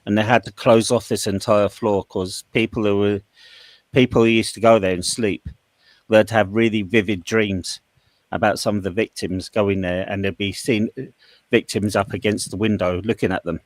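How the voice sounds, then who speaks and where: In a casual group voice chat, a man with a lowish, steady voice tells stories at normal speed, rambling and correcting himself as he goes. The recording is dry.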